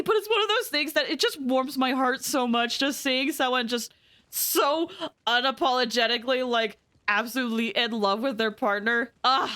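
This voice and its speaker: A woman's voice: sits high, bright, forceful tone. A young adult woman streaming a game, rambling through anecdotes with lots of giggles and fillers. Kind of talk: casual live-stream chat.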